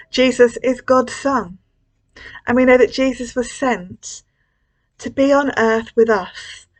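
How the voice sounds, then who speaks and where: A woman leading a school collective worship, telling a story to children in a gentle, expressive way with hushed moments. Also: fairly high pitch, rough recording. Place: church.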